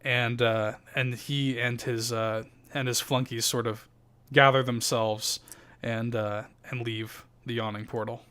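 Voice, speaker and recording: A man's voice: medium pitch, flat delivery, a little slow, bright, forceful tone, smooth. A man running a tabletop game as game master, narrating loosely with many fillers and casual swearing.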